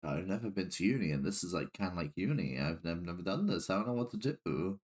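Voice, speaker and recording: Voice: sits low, expressive, quick pace, darkish tone. A tabletop game player chatting casually and playfully, cracking jokes. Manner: playful, joking.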